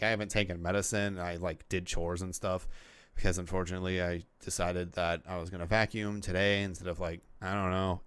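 Rambling, cursing podcast guy, smooth low voice. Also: fairly bright tone, no room sound. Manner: rambling, frequent swearing, many fillers. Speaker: podcast host. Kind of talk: solo casual podcast chat. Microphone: podcast microphone.

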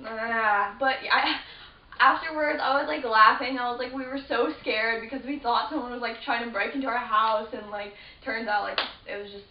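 A teenage girl vlogger tells a story to the camera in a rambling, casual way, full of fillers and restarts. Her voice is a little high with fairly even intonation at normal speed. The recording sounds roomy, distant and dull, lo-fi with a faint hiss.

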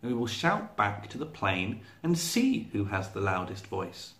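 The littlest egret of a picture book, small and prim, scolding a bully and daring him to a contest, as a man reading aloud puts her on. She speaks slowly and deliberately, with a gravelly edge, in an echoey room. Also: lowish voice, very animated, fairly bright tone, pitched below the performer's own voice, full character voice. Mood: challenging. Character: tiny, bold little female egret, scolding. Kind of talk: storybook reading.

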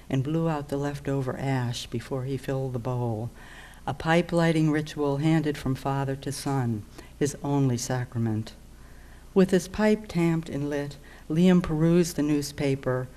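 A woman author reading aloud from her own short story in a steady, measured way. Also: low-pitched.

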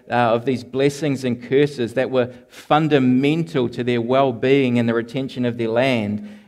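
A man preaching an expository sermon, earnest and deliberate, slowing down to stress key lines and sometimes repeating words as he restarts a phrase. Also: mid-range voice, darkish tone. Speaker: pastor.

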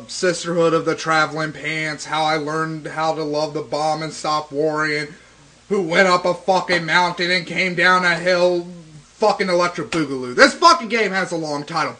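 Young male let's-play host, bright high voice, profane and excitable, faint game music underneath. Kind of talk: casual gaming commentary.

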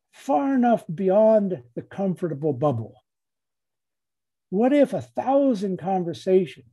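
A man giving a reflective dharma talk in a measured way, repeating phrases and leaving long pauses. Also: on the high side, dark tone, slightly rough.

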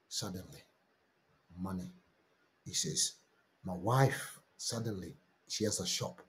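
A man preaching a sermon and telling a testimony in a slow, deliberate way with lots of repetition. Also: deep voice, fairly bright tone.

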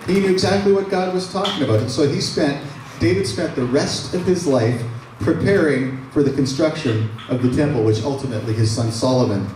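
Canadian pastor preaching in an echoey hall. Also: male voice, mid-range voice, brisk, slight background noise. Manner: animated, reads scripture aloud and paraphrases it casually. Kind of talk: sermon. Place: large church hall. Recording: echoey hall, mic from far off.

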